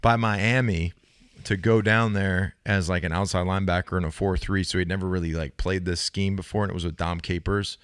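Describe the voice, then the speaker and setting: A man in his thirties, a podcast co-host and former linebacker, telling stories in a loose, profane, animated way, a little hoarse. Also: sits low, brisk, dry recording, clean studio sound. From United States. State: slightly hoarse, says he can't speak well. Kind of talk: casual storytelling chat.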